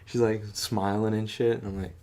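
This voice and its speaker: A man's voice: on the low side, flat delivery, moderate pace, darkish tone. A man casually retelling a movie he watched, swearing a lot, laughing and acting out the characters' lines. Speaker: podcast co-host.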